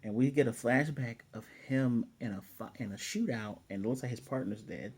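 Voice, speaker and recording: A man's voice: medium pitch, a little fast, slightly rough. A man casually recapping an anime episode in a loose, chatty way, stopping now and then to find his place. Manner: loose, chatty retelling with fillers. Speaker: anime reviewer.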